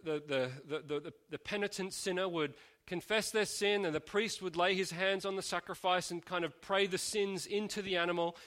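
A man delivers a sermon in a fairly high voice. His tone is bright and clear, and he works through rhetorical questions, often stopping to restart a phrase. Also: steady tone, normal speed. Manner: thoughtful, asks rhetorical questions, frequent restarts. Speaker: preacher.

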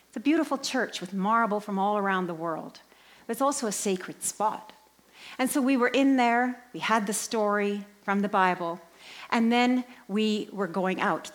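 A woman tells a story from the pulpit in a medium voice. She leans hard on key words, then drops to a soft, breathy hush for the tender moments. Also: mid-range voice. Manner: dramatic storyteller, swings from bright emphasis down to hushed near-whispers. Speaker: Christian speaker and pilgrimage leader. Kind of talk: spoken storytelling sermon.

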